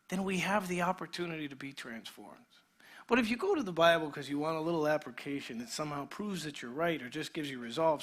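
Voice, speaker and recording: A man, a pastor, preaching a sermon in a conversational way, sometimes dropping to a near whisper and sometimes building to an animated retelling. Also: a little high. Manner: shifts between quiet intimate passages and energetic animated retelling; conversational, with restarts and filler words.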